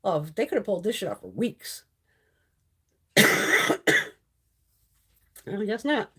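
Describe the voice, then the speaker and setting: Husky woman ranting with heavy swearing. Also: medium pitch, wildly swooping pitch, slow pace, sharp tone. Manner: profane, ranting, exasperated; laughs often. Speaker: live stream host. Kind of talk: casual chat.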